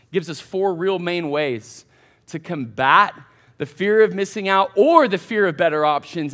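High-voiced pastor preaching casually. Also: male voice. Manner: energetic and conversational, full of fillers like "like" and "man". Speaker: college pastor. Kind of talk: casual sermon to students.

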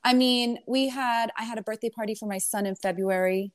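A woman guest in a casual chat, telling a long family story in a rambling, animated way. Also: on the high side, fairly quick. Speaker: interview guest.

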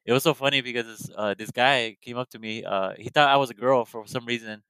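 A man chatting casually as a podcast guest, telling animated stories and acting out what people said to him. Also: medium pitch, fast, clear, resonant tone, no echo. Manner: animated storytelling, acting out quoted lines. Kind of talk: casual chat.

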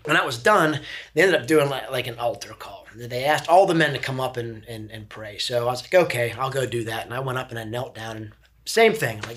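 Middle-aged male guest, earnest and animated, casual storytelling, mid-range voice. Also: mid-range voice, a little fast. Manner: earnest, animated, repeats words when starting sentences. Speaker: podcast guest.

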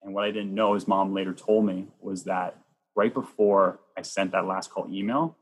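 A man who works as a Catholic youth minister, telling personal stories earnestly in a chatty way, sometimes rushing with excitement. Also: deep voice, rough recording. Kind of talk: personal storytelling in an interview.

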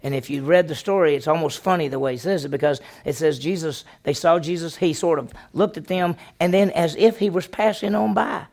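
On the high side and a little fast, his gravelly, darkish voice runs with few pauses. He's a male senior pastor teaching a conversational lesson, spinning folksy personal stories and answering the questions he puts to the congregation.

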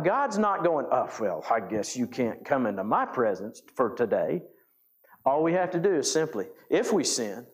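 This male pastor's voice is a bit higher than typical for a man. Preaching in a church sanctuary, he tells folksy stories from ranch life as part of his sermon, growing animated and energetic as he plays out each scene.

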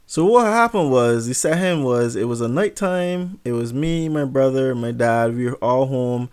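A young man tells a funny story in a casual, animated way. His voice sits at a middle pitch. He is self-mocking and profane, recorded on a close mic. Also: normal speed, clean tone.

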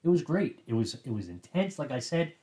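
A man's voice: medium pitch, sing-song, a little fast, warm tone. A man hosting a casual, enthusiastic recap of wrestling moments. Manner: enthusiastic, chatty. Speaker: wrestling commentary host.

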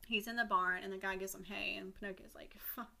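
A woman's voice: medium pitch, steady tone, gravelly, bright, forceful tone. Swearing woman telling a story casually. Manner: swears freely, acts out characters' lines in quick asides. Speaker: podcast co-host.

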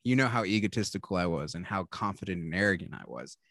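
Giggly, animated young man telling stories. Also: low voice, fast talker, no echo, clean studio sound. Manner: animated, laughing storyteller who swears often. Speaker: podcast co-host. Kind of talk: casual storytelling chat.

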